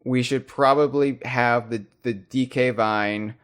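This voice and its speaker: A man hosting a casual podcast, talking fast with loud, animated bursts. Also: medium pitch, clear, resonant tone. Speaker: podcast host.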